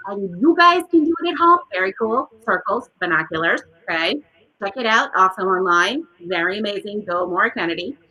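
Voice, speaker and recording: Bright high-voiced lady leading kids' circle time, sing-songy, big swoopy pitch. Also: rough recording. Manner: animated and sing-song, acting out emotions with gasps and big swings. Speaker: preschool teacher. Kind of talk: circle time lesson for young children.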